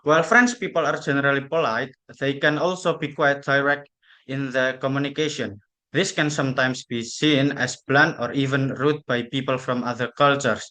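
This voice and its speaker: A man's voice: mid-range voice, steady tone, normal speed, pushed and bright. Young man reading a class presentation. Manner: plain reading with small repeats. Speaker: student presenter.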